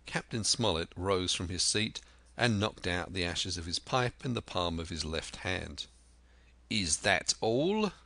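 A man narrates a classic adventure story in a deep, unhurried voice. His tone is bright and forceful, and the sound is dry and close-miked, like a studio audiobook. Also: vocal fry, dry recording. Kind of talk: scripted narration.

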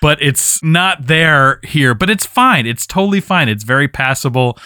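A man's voice: fairly high pitch, animated, moderate pace, bright, forceful tone, clear, resonant tone, dry recording. Laid-back man with a dry sound. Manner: laughs often, easygoing. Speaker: podcast co-host. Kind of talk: casual chat.

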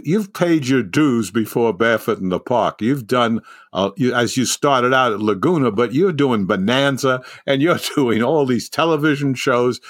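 A man's voice: medium pitch, no room sound, studio quality. A man hosting an interview, chuckling and prompting his guest to tell a story. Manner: warmly amused, prompting questions. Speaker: interview host. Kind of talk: conversational interview.

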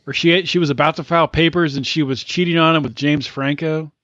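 A man's voice: on the high side, steady tone, brisk, fairly bright tone, no echo. Man on a dull, dry lo-fi mic. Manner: questioning, casual. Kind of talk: casual comedic chat.

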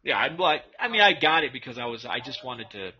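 A man's voice: mid-range voice, very animated, a little fast, sharp tone, slightly rough. A man co-hosting a casual podcast, telling rambling, profane stories from his school days and laughing often. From Massachusetts. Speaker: podcast co-host. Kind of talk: casual chat. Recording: dull lo-fi with faint noise.

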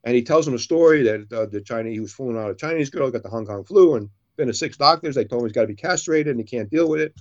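A man co-hosting a show, telling jokes in a casual, animated way and jumping higher for his characters' lines. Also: rapid-fire, few pauses, dull audio.

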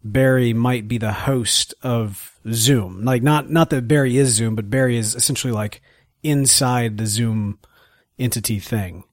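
A man from the American South co-hosts a casual podcast, joking around and reading show plugs in a mid-range voice at a slightly slow pace. The studio-quality recording has no room sound.

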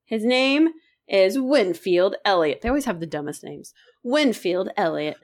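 Woman co-host, sore throat, lively swooping pitch, chatty and profane. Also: normal speed. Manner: animated, swears casually, jokey asides. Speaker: podcast co-host. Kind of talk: casual book chat.

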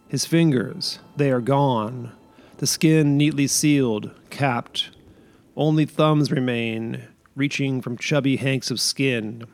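A man, the author, reading his own short story as first-person narration in a measured, unhurried way. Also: medium pitch, fairly even intonation.

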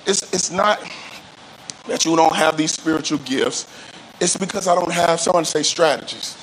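A male pastor preaching a sermon with call-and-response, often rising into shouts and sung phrases. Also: on the high side, normal speed, slight background noise, rough recording. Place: church service.

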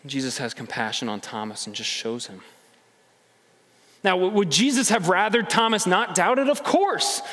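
A man preaching a sermon to a congregation, conversational and animated, acting out inner voices. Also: sits high, normal speed, big-room sound. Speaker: pastor.

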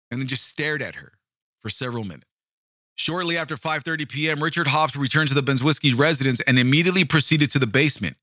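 A man hosts a true-crime show, reading the case aloud and breaking off into blunt, profane asides to his listeners. His medium-pitched voice is bright and forceful, recorded dry with clean studio sound.

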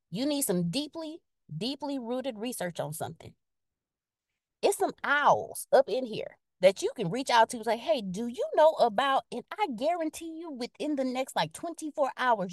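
On a podcast, a woman chats in a lively, expressive way, reading out viewer comments in casual live-stream style. Her slightly high voice swings widely in pitch, and the recording is dry and close.

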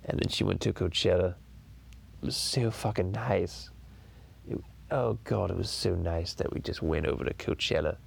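A man's voice: deep voice, normal speed, creaky, husky, exaggerated voice. A man voicing a scheming, foul-mouthed cartoon baby boy in an improvised comedy podcast, crude and rambling with theatrical groans. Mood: groaning.

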